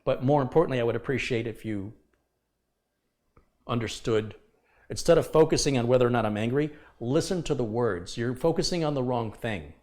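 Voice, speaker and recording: A man's voice: medium pitch, expressive, a little fast, darkish tone. A man hosting a live computer repair stream, talking casually but with passion and emphasis, lecturing his viewers. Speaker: livestream host. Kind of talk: casual livestream talk.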